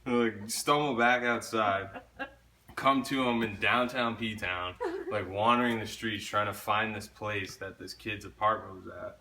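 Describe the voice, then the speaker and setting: A man's voice: on the low side, fairly even intonation, measured pace, pushed and bright, a little hiss or hum. A young man telling a story in casual chat, laid-back, swearing often and laughing along.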